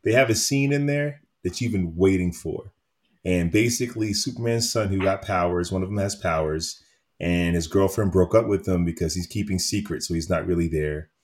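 A man with a slightly low voice chats casually as a co-host. He tells stories with animated energy and laughs often. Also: moderate pace. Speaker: podcast co-host. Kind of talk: casual chat.

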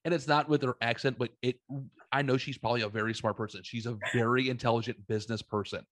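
A man co-hosting a podcast speaks bluntly and with emphasis, often circling back and restarting his sentences. His pitch is average for a man. The recording is dry, with no room echo. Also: steady tone, fast talker, fairly bright tone. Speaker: podcast co-host. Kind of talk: casual chat.

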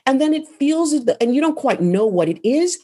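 A woman's voice: sits high, big pitch swings, fairly quick, dark tone. A woman who is a voice coach and author, answering interview questions in an emphatic, instructive way and landing her phrases firmly.

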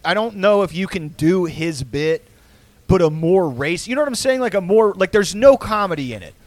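A man's voice: high-pitched, expressive, moderate pace, no echo. A man in casual podcast chat, rambling with lots of fillers, swearing and laughing often.

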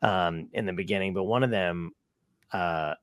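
A man's voice: sits low, normal speed, no room sound, clean studio sound. A man, a stand-up comedian, telling profane stories in casual chat and acting out the people in them. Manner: profane, animated, acts out quoted dialogue.

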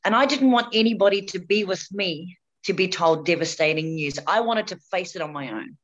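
A woman's voice: on the low side, brisk. Candid New woman, slightly muffled. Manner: frank and candid, repeats words as she goes. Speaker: interview guest, breast cancer survivor. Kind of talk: personal storytelling in conversation.

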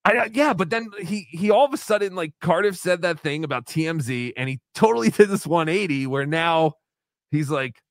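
A man hosting a casual livestream podcast, talking excitedly, swearing and laughing often as he tells a story. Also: a little high, a little fast, no room sound, clean studio sound. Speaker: podcast host.

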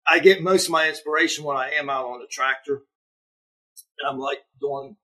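Guesting in a casual interview, this eastern Ohio musician speaks with a Yinzer, Pittsburgh-area accent in a relaxed, wandering way thick with fillers. His voice is fairly high, steady and sharp at a normal speed, and the recording is rough.

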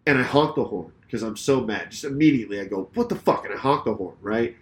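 A man's voice: on the low side, fast. A man co-hosting a podcast, retelling a road-rage story in casual chat, swearing freely and acting out the lines of the people in it. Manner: profane, animated retelling with acted quotes. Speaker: podcast co-host.

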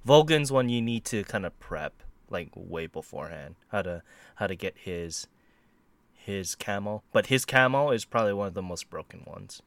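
A man chatting casually about a video game, excitable and laughing often, tripping over his words. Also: fairly low pitch, moderate pace, creaky, dry recording. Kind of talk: casual gaming chat.

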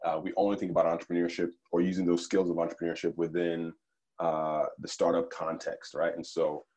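A man from Nigeria who grew up in the United States, speaking as a podcast guest in a thoughtful, measured way with fillers and restarts. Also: sits low, flat delivery, a little mellow. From Nigeria, raised in the United States. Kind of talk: conversational interview.

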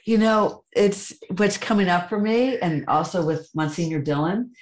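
A woman hosting a podcast, speaking softly and measured as she reflects and converses. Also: lowish voice, echoey room. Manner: soft and measured, at times tearful in the retelling. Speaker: podcast host.

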